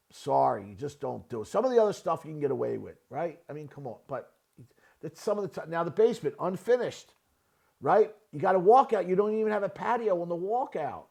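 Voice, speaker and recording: A man's voice: fairly high pitch, vocal fry, darkish tone. A man who builds houses, giving blunt casual commentary on a listing and asking "right?" again and again. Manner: blunt, repetitive, asks "right?" often. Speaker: real estate builder reviewing a listing. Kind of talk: casual screen-share commentary.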